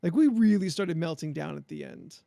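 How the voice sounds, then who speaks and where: Man, podcast co-host, casual chat, high gravelly voice, dry sound. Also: expressive, fairly quick, mellow, no echo. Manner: rambling, restarts, leads topics.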